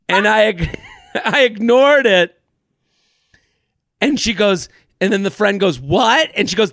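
A man's voice: high-pitched, a little slow, fairly bright tone, no echo, clean studio sound. A young man hosting a casual podcast, rambling through an anecdote with frequent restarts. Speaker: podcast host.

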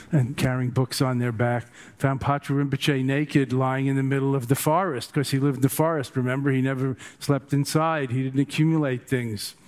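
Older guy giving a dharma talk, funny and meandering, mid pitch. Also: darkish tone. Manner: humorous, rambling storytelling. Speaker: meditation teacher.

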